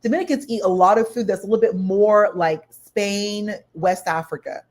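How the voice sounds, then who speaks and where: A woman with a mid-range voice co-hosts a relaxed chat, handing out cooking tips. She walks through each step methodically and repeats key points. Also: medium pitch, moderate pace. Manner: instructive, explains step by step. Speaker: co-host.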